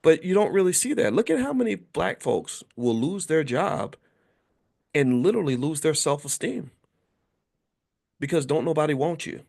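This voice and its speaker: A middle-aged man giving a casual commentary monologue, animated and often restarting and repeating words. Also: on the high side, moderate pace, creaky.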